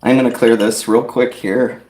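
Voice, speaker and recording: A man giving a live-streamed tarot reading, chatty and soft-spoken, talking straight to his viewers and getting choked up at times. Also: medium pitch, level tone, normal speed. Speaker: tarot reader. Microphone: on-camera livestream mic.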